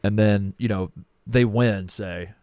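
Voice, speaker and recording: A man's voice: lowish voice, fairly even intonation, takes it slowly, warm tone, clear, resonant tone, no echo. A man co-hosting a sports podcast, bantering and joking in casual chat. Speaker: podcast co-host.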